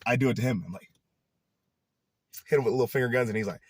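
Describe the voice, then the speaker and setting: Animated man vlogging casually. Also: mid-range voice, fast, long pauses, husky, no echo. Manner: animated, laughs often, trails off into rambling asides. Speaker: YouTuber. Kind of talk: casual vlog chat.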